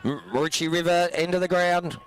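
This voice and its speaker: A fairly high-voiced Australian man calls a local football match play by play, his voice going hoarse. He runs through the action at a steady clip and climbs into loud, excited shouts when goals go in. He commentates from an outdoor ground. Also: fairly quick, low-quality recording.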